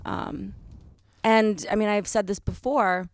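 A woman's voice: medium pitch, fairly even intonation, takes it slowly, no room sound. A woman co-hosting a podcast in casual chat, upbeat and supportive. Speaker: podcast co-host.

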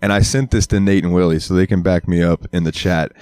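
A young man co-hosting a podcast, chatting casually into a headset mic, telling animated stories with plenty of swearing. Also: low-pitched, quick pace, dry recording. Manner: animated storyteller, swears freely, slips into exaggerated voices. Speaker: podcast co-host. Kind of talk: casual chat.

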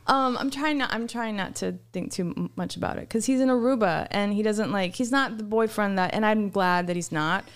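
A woman's voice: medium pitch, a little fast, few pauses, clear, resonant tone. A woman with a mid-range voice chats loosely on a podcast. She stumbles and restarts often and breaks into giggles. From Los Angeles. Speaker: podcast co-host. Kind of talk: casual chat.

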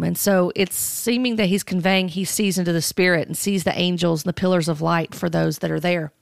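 Woman with a gravelly, measured voice. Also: medium pitch, dry recording, clean studio sound. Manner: measured, cautioning, with fillers. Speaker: commentator on church teaching. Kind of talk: spoken commentary.

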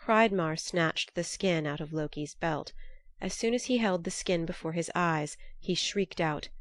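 A woman narrating a storybook in a steady, measured reading. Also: on the low side, no echo, clean studio sound.

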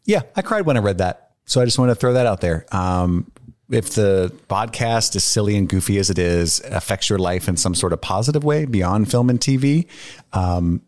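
A man's voice: lowish voice, darkish tone, dry recording, studio quality. A man co-hosting a podcast, casually reading listener emails aloud and chatting in a laid-back way, with easy swearing and earnest moments. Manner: sincere and earnest when speaking from the heart. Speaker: podcast co-host.

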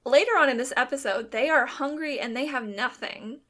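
A woman co-hosting a podcast in casual chat, chatty and quick to laugh. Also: sits high, pushed and bright. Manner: chatty, laughs often, many "like" fillers. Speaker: podcast co-host.

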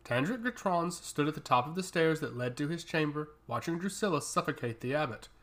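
A man narrating a fantasy story with a steady, dramatic reading. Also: a little high, a little fast.

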